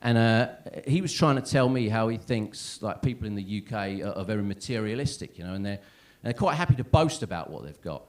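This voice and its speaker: Thirties male comic, self-deprecating stand-up patter, swinging pitch all over. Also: expressive, fairly quick, few pauses, darkish tone. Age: 30s. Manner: rambling, self-deprecating, lots of "right?" and "yeah?". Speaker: stand-up comedian. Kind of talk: stand-up comedy set. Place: comedy club stage.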